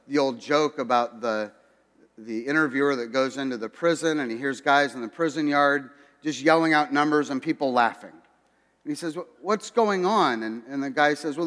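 A man's voice: mid-range voice, a bit bright. A man preaching a sermon to his congregation, conversational and direct, with asides to people in the pews. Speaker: pastor. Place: church sanctuary. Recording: long hall reverb.

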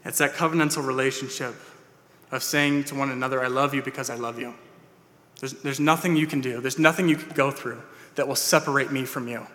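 In a church sanctuary with long hall reverb, a man delivers a sermon to his congregation, sincere and straightforward, stumbling through "uh"s and restarts. His mid-range voice is steady, fairly quick, and pushed and bright.

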